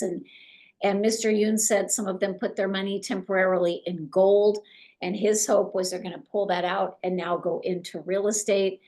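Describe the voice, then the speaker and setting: A middle-aged woman coaching real estate agents in an animated way, acting out conversations with clients. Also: mid-range voice.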